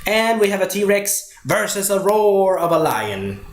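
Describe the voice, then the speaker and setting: Rambling man reviewing a movie, slightly high voice. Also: sing-song, measured pace. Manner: rambling, with many fillers and restarts. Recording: echoey room with faint noise.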